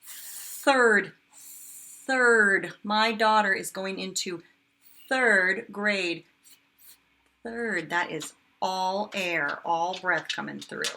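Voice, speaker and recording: A woman teaching a phonics lesson for children and their parents, slowly sounding out each word for listeners to repeat. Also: mid-range voice, sharp tone. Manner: slow, exaggerated word modeling. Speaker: kindergarten teacher.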